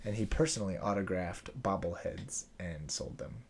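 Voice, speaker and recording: A man's voice: low voice, moderate pace, slight background noise. A man co-hosting a casual podcast, reading out odd news stories with laughs and stumbling restarts. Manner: animated, trails off in restarts and laughs. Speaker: podcast co-host, pastor.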